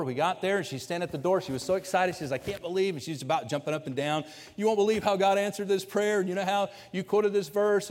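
Male pastor, storytelling sermon, fairly high voice, long church-hall echo. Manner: conversational storytelling, voicing quoted people, building to loud preaching. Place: church sanctuary.

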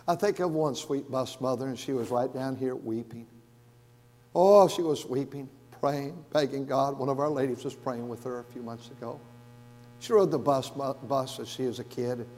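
This medium-pitched man delivers a sermon as his church's pastor, speaking earnestly while tripping over repeated, restarted words. His volume climbs high, then sinks to a near whisper, and long hall reverb fills the big sanctuary around him.

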